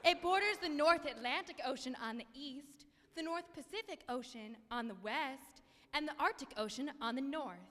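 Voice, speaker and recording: A young woman emceeing a college a cappella concert, reciting facts in mock-serious deadpan. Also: sits high, moderate pace, big-room sound. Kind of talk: comic scripted stage banter. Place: concert hall with a live audience.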